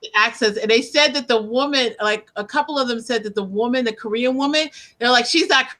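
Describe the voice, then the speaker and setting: A woman's voice: on the high side, brisk, a bit bright. A woman interviewer chatting casually about films, laughing often and trailing off mid-sentence.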